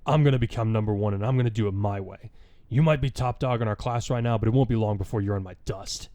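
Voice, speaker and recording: A man's voice: lowish voice, quick pace, mellow, dry recording, lightly acted. A man voicing a brash, hot-tempered teenage boy hero with a growling, boastful manner in a fan story reading. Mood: scornful.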